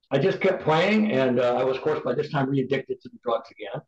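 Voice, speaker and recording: A man's voice: medium pitch, brisk, few pauses. A middle-aged man, a podcast guest, giving candid personal testimony in an earnest, emphatic, preacher-like way. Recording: roomy, dull lo-fi sound.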